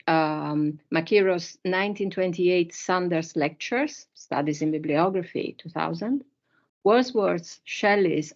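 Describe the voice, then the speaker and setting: A woman chairing a seminar, reading out a speaker's biography in a halting, list-like way with fillers. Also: fairly low pitch, vocal fry, dull audio.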